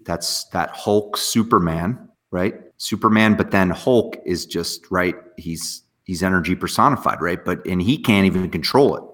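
A man, an entrepreneur guest talking with hyper, fast energy in an interview. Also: low voice. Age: 40s. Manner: energetic, hyper, talks fast with bursts of excitement. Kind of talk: interview conversation.

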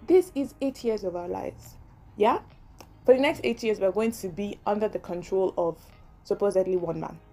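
A woman's voice: medium pitch, dark tone. A young woman with a Nigerian accent hosting her own podcast, chatting alone in a ranting, laughing way. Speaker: podcast host. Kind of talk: casual solo podcast monologue.

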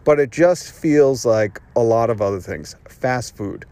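A man's voice: medium pitch, measured pace, mellow, smooth. A man hosting his own podcast, delivering a rambling, sarcastic and profane solo rant. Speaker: podcast host. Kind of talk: ranting monologue.

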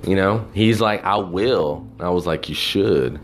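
A man's voice: low voice, measured pace, soft background music. A man telling a profane, exasperated story about his job in a casual rant, acting out the people he quotes. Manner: animated, mimics people in quotes.

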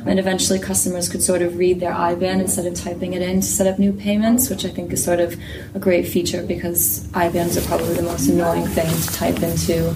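A woman's voice: on the low side, monotone, a little fast. A woman on a casual podcast panel, chatty and often hedging with "sort of". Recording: distant mic with background noise.

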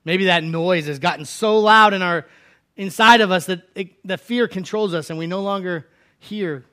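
Bright-voiced preacher, loud to hushed. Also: male voice, moderate pace. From United States. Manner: conversational preaching, swings from loud acted cries to hushed low lines. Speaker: pastor. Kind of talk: sermon.

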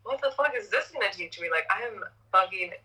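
Animated swearing woman on a thin phone line. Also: medium pitch, brisk, distant mic. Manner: animated, swears, laughs at herself. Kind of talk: casual chat.

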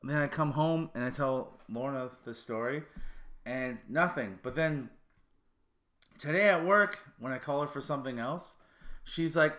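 Bright-voiced man telling crude stories. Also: measured pace. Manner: crude, joking storyteller, voice jumps high when excited. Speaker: podcast co-host. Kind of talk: casual podcast chat.

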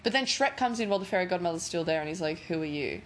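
A woman's voice: fairly low pitch, expressive, racing, slight background noise. A woman in casual chat, retelling a film plot in a rambling, giggly way, full of fillers.

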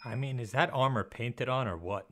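A man's voice: medium pitch, normal speed, noisy background. A man co-hosting a casual comic book podcast, talking in a joking, punchy way. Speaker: podcast co-host.

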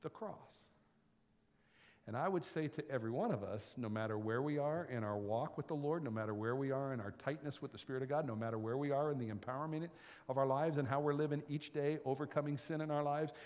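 Dramatic preacher in a reverberant hall. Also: male voice, medium pitch, fast. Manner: dramatic storytelling, swinging from shouted to whispered. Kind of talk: sermon.

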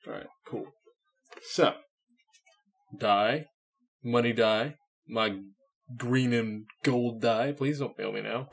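A man playing a tabletop game who talks his dice rolls through deliberately. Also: medium pitch, vocal fry, faint music behind. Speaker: player.

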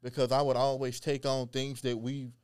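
Man from Louisiana, guest historian, resonant clear voice, earnest animated storytelling. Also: mid-range voice, normal speed. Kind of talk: casual interview storytelling.

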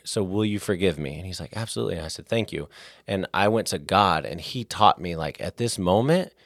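A man with a deep, low voice tells personal stories in an earnest, lively way. He sounds like a podcast guest in his thirties. The sound is dry and close to the mic. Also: no room sound. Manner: earnest, animated storyteller. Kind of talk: casual storytelling.

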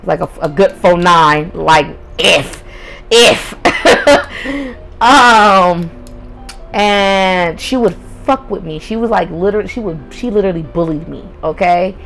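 A woman's voice: lowish voice, lively intonation, slow pace, vocal fry, a bit bright, faint music behind, low-quality recording. A young woman tells her own story on a podcast in a loose, conversational way. She is blunt and profane and breaks into laughter often. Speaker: podcast host. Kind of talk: casual storytelling.

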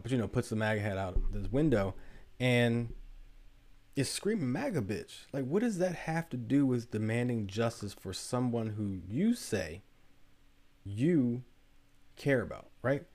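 A man's voice: medium pitch, a little mellow. A man hosting a podcast, telling a story in a casual monologue full of rhetorical questions. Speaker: podcast host.

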